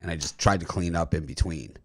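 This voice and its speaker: A man's voice: sits low, fairly quick, a crowd in the background. A man hosting a sports betting picks show, talking loosely with lots of fillers and restarts while recovering from dental surgery. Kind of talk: casual chat.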